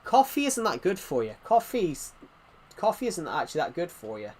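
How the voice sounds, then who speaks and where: A man's voice: a little high, wildly swooping pitch, moderate pace, a little mellow, slight background noise. A man giving casual, rambling commentary while playing a video game, chatting and drifting onto side topics. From Britain. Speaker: gaming channel host.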